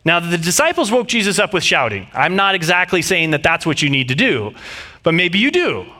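A man's voice: high voice, very animated, brisk, pushed and bright. A man preaching a sermon in an earnest, conversational way, reading scripture and often restarting his sentences. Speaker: pastor.

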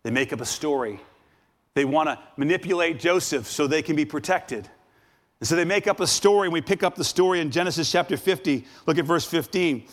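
A man preaching a sermon as a guest preacher, dramatic, swinging from loud exclamations to hushed asides. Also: a little high, fairly quick. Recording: long reverb of a large hall.

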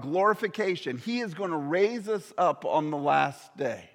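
A man's voice: on the high side, very animated, normal speed, hardly any pauses, big-room sound. A man preaching a sermon earnestly, sometimes dropping to a near whisper on key words. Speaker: pastor.

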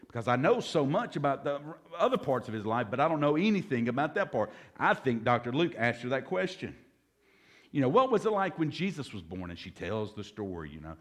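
A man teaches an evening Bible study, moving between scripture reading and playful asides. His pitch rises and falls freely as he talks, keeping a loose, joking tone with his listeners. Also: fairly quick. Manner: lively, joking, reads scripture aloud. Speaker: pastor leading a Bible study.

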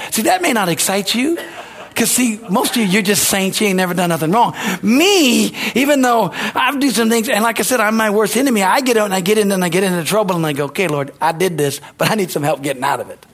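A man preaching a sermon as pastor, folksy and animated, with sudden rises in pitch. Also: breathy edge.

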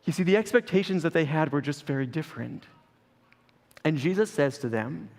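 A man's voice: fairly high pitch, animated, fairly quick, long reverb tail. A man preaching a sermon as pastor, earnest and building through repeated phrases.

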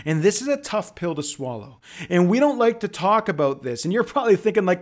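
A man's voice: high-pitched, very animated, fairly quick, few pauses. A man preaching an emphatic, conversational sermon outdoors at a church service in a park. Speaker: pastor.

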